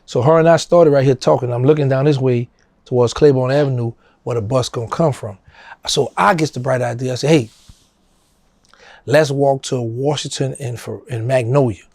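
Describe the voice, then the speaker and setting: Man, middle-aged, New Orleans accent, gravelly, husky, lively storyteller. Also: normal speed, no room sound. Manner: animated storyteller, acting out quotes in a higher voice. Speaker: interview guest. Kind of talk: casual storytelling.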